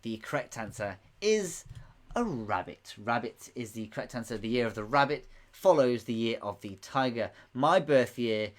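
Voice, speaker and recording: A jokey quiz host in his late twenties reads out answers and wanders off into giggly tangents. His voice sits at an ordinary middle pitch. He talks right up against his microphone. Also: lively intonation, moderate pace. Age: late 20s. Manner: jokey, giggly, rambling asides. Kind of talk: live-streamed quiz answers. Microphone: microphone close to the mouth.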